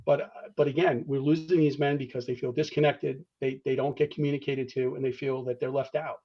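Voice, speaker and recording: A man speaks as a podcast guest in an earnest, conversational tone, his voice sitting at a middling pitch. He restarts phrases often and keeps checking in with "all right?" The recording sounds slightly dull and lo-fi. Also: fairly even intonation, fairly quick. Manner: many restarts, tags points with "all right?"; earnest, acts out phone calls in quotes. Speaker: guest discussing fraternity membership. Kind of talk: conversational interview answers.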